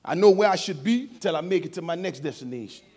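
Emotional preacher man, slightly high voice. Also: expressive, fast. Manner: emotional, swings between quiet and loud, calls out to the congregation; informal, playful asides. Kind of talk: sermon. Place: church service before a congregation.

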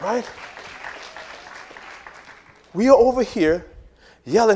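Preacher guy, kinda high-pitched, jokey conversational sermon, talking straight to the crowd. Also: animated, takes it slowly, long pauses, background noise. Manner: conversational, joking, talks straight to the congregation. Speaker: pastor.

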